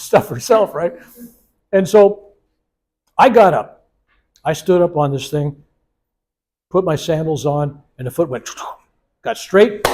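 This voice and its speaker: A man in his seventies, a reverend leading a healing workshop, telling stories with animation and acting out the voices he quotes. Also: a little high. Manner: animated storyteller who acts out the voices he quotes. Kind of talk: storytelling workshop talk. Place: workshop room.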